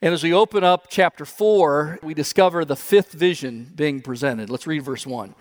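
An older pastor delivers a sermon. His voice sits a bit high for a man, and he tells stories in an animated way with frequent chuckles. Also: normal speed. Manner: animated storytelling, chuckles often.

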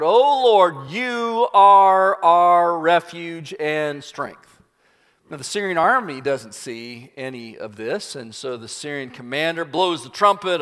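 Preacher man, dramatic storytelling, slightly high voice, long hall echo. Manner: dramatic, animated retelling. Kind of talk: sermon storytelling.

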